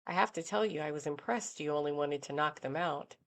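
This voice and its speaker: A man's voice: on the high side, brisk, a bit bright. Woman putting on an eager, chatty cousin. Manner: eager, talkative. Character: chatty, earnest male veterinarian cousin.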